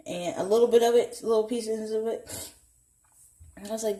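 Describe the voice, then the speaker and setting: A woman's voice: mid-range voice, steady tone, a little fast, warm tone. Blunt young woman telling a story. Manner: blunt and profane, acting out quoted voices. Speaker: vlogger. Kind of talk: candid personal storytelling. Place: home, indoors. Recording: echoey room.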